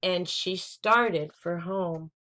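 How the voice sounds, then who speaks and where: A woman's voice: lowish voice, drawn-out words, pushed and bright, slight background noise. A woman hosting a children's storytime, reading a picture book aloud.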